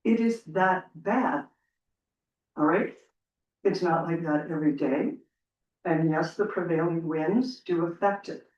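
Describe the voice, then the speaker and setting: A woman's voice: fairly low pitch, darkish tone. Impassioned woman in a roomy hall. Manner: earnest, impassioned plea. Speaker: resident speaking to council. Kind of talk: public comment at a council meeting. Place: council meeting room. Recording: roomy, distant, dull room sound.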